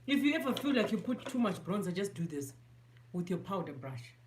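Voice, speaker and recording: A woman's voice: fairly low pitch, animated, moderate pace, darkish tone. A woman from Zimbabwe with a Zimbabwean accent, chatting casually through a makeup tutorial, self-mocking and mixing English with Shona. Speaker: beauty vlogger.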